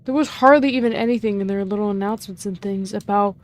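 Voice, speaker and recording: A woman's voice: mid-range voice, fast. A young woman giving gameplay commentary, ranting with exasperation, swearing and stumbling over repeated words. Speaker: gamer.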